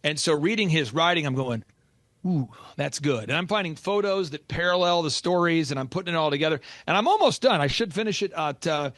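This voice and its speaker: A man's voice: a little high, expressive, fast talker, hardly any pauses, a bit bright, dry recording. A man talking as a business coach on a podcast, emphatic and urgent, repeating key lines for stress. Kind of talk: motivational podcast talk.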